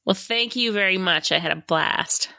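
A woman's voice: medium pitch, moderate pace, creaky, pushed and bright, dry recording, clean studio sound. A woman guest on a podcast, chatting casually and making playful jokes. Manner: joking, playful. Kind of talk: casual chat.

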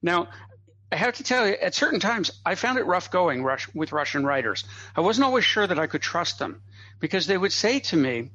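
A man telling a long anecdote as a guest on a podcast, a lively raconteur who drops in asides and chuckles. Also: high-pitched, moderate pace, a little hiss or hum. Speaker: guest comedy writer. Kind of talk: anecdotal storytelling in a podcast interview. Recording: dull, slightly lo-fi dry audio.

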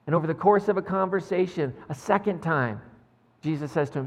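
A man's voice: on the high side, fairly quick. A man preaching a sermon as a pastor, impassioned and conversational, recorded in a church with a long hall reverb.

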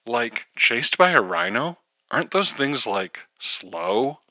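A man's voice: medium pitch, sing-song, takes it slowly, bright, forceful tone, dry recording, full character voice. A man voicing a bored teenage valley girl who drawls through slang and fillers.

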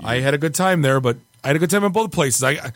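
A man's voice: fairly high pitch, lively intonation, fast, no echo, clean studio sound. Easygoing laughing man, podcast co-host. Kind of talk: casual chat.

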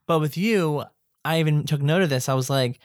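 A woman's voice: low voice, a little fast, no room sound, clean studio sound. A woman audiobook narrator chatting casually and agreeably with a colleague. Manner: relaxed, agreeable, backchannels a lot. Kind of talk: casual chat.

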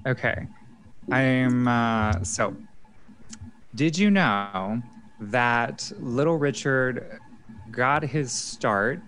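A man chatting casually as a guest, telling stories in an animated way. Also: medium pitch, clean tone. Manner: chatty, tells anecdotes. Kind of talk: casual chat.

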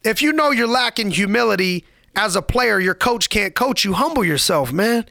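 A man's voice: high voice, moderate pace, creaky, sharp tone, no room sound, clean studio sound. A man giving a motivational podcast monologue, preachy and emphatic, repeating lines for effect in casual street slang.

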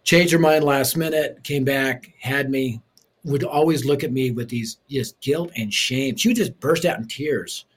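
Husky-voiced man, guest storyteller, mid-pitched, animated delivery. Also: measured pace. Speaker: ministry leader and author. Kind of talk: storytelling interview.

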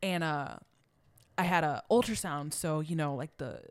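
Low-voiced young woman telling a story. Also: normal speed, clear, resonant tone. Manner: emotional, rambling storytelling with many fillers. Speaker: podcast co-host. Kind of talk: casual chat.

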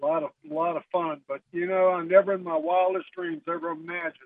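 A man's voice: on the high side, flat delivery. Texan man on a tinny phone line. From West Texas, US. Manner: drawn-out, folksy, with many fillers. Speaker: caller. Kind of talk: casual storytelling on a radio show.

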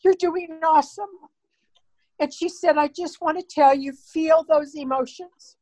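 A woman's voice: sits high, steady tone, dark tone, low-quality recording. An older woman, the host's mother, earnestly recounting a personal story in an emotional way. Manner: earnest, slow, emotional retelling. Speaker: guest, mother of the host.

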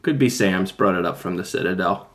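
A man's voice: low voice, brisk. A man in casual chat as a podcast co-host, thoughtfully laying out options one by one.

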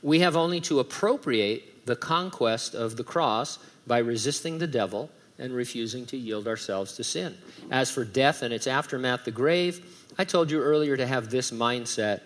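A man's voice: mid-range voice, normal speed, fairly bright tone. Middle-aged male pastor, conversational sermon delivery, emphatic scripture reading, light humor. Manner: conversational preaching with humorous asides; reads scripture aloud with emphasis.

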